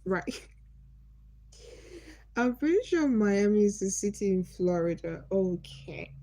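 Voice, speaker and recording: A Nigerian woman from Nigeria runs a relaxed livestream, chatting with viewers and asking them curious questions. Her voice is deep in tone, warm and mellow rather than bright, sitting at an ordinary middle pitch. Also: takes it slowly, no room sound, rough recording. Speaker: livestream host. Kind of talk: casual livestream chat with viewers.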